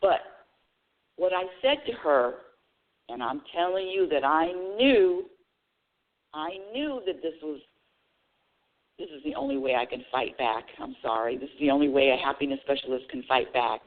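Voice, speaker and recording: A woman's voice: deep voice, normal speed, long pauses. Woman hosting talk radio on a phone-like line. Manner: animated storytelling, addresses audience directly; many restarts and repeated words. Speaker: radio show host. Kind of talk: spiritual talk radio monologue. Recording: narrow phone-like radio sound.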